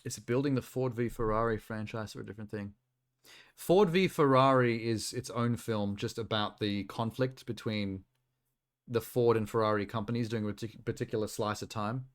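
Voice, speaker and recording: A man's voice: on the low side, moderate pace. A man casually chatting on a live stream, reacting to trailers with fillers and laughs. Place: home streaming setup.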